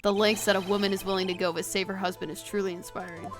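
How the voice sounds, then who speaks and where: A woman voicing a cool, smug, brooding male prosecutor, dropping her voice low and weary as she reads a game aloud. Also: flat delivery, fast talker, music in the background, lightly acted. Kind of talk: reading a visual novel aloud.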